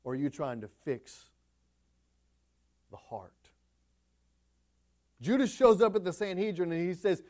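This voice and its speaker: Emphatic high-voiced male preacher. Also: very animated, a little slow, long pauses. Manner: emphatic, swings between loud peaks and quiet drops. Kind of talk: sermon.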